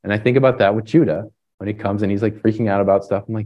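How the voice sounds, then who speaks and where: A man preaching a sermon in a relaxed, conversational way, often tagging on "right?" and pausing with fillers. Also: fairly low pitch, lo-fi sound. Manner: halting restarts and fillers. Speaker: pastor.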